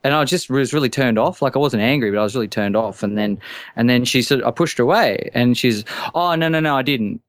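An anxious man on a call-in show, telling his story haltingly and tripping over his words. His voice is dry and close, with no room around it and a middle pitch. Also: dry recording. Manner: halting, stammering, many restarts. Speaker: caller.

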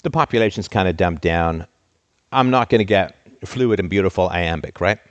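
A man hosting a live show, ranting in an exasperated, sarcastic way with big theatrical swings in pitch. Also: moderate pace, dry recording, muffled recording. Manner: theatrical, trained speaking voice. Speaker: host.

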